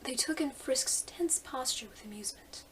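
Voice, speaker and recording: A woman's voice: high voice, moderate pace, far from the mic, poor audio. Woman whispering a story. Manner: soft, hushed narration. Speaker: fanfiction reader.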